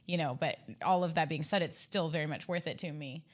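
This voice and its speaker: A woman in her thirties co-hosting a podcast in casual chat, talkative and quick to laugh. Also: low voice. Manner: chatty, laughs easily, short backchannel replies. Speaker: podcast co-host.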